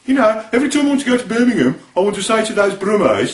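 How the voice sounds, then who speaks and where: Scottish man with a Scottish accent, comic presenter, animated swoops, echoey far-off recording. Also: high-pitched, very fast, few pauses. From Scotland. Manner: jokey presenter, breaking into voices. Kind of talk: comic talk about accents. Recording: echoey room, mic at a distance.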